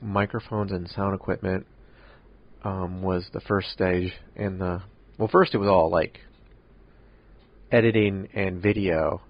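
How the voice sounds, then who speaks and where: A man hosts a casual solo podcast, rambling and joking at his own expense. His voice is on the low side, and the recording has its highs cut off.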